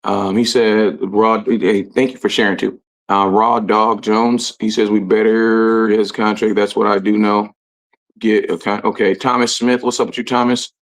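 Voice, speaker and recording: A man hosting a casual livestream, reading out commenters' names and greeting them in relaxed, slangy talk. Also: lowish voice, normal speed. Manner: shouting out commenters, laid-back slangy talk. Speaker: livestream host. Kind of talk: casual live-stream chat.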